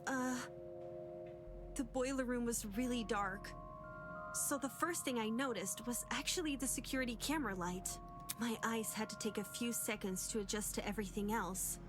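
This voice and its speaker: A woman reading the lines of a timid, self-blaming young woman from a game, slowly and hesitantly. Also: on the high side, music in the background, natural voice.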